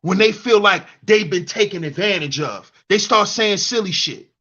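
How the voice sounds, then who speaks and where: A commentary channel host reads live chat in a heated monologue, preaching at other men and mocking them with a whiny put-on voice. His voice is high and sharp-toned, at a moderate pace with few pauses, and the highs are cut off.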